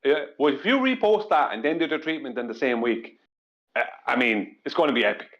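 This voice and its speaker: A man on an online panel, telling stories in an animated way and laughing as he goes. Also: medium pitch, a little fast, dull audio. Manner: animated, giggly storyteller. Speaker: panel guest. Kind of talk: casual panel chat.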